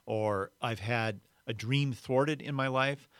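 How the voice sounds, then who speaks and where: A man's voice: mid-range voice, slow, a bit bright, smooth, no echo. A man hosting a podcast, giving a devotional teaching in a reflective way and repeating key words for emphasis. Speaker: podcast host.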